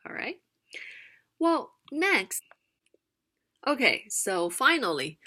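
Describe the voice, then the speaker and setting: A woman teaching a casual explanatory lesson, unhurried, with fillers and sung-out demonstrations of tones. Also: fairly low pitch, bright, forceful tone. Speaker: language teacher. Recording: screen-recorded narration.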